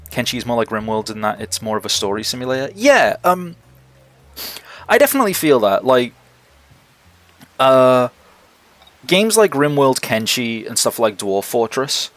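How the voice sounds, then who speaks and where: A young man with a mid-range, slightly bright voice is streaming live. He chats casually and enthusiastically with viewers, rambling as he answers them and swearing freely.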